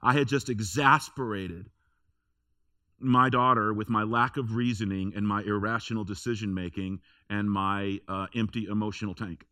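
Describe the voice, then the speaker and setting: A man with a bright, forward, fairly low voice preaches to his congregation. He talks like he is telling a story to friends and repeats lines for emphasis. The sound is close and dry. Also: fairly even intonation, moderate pace, no room sound. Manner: conversational storytelling, emphatic repetitions. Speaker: pastor. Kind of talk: sermon. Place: church.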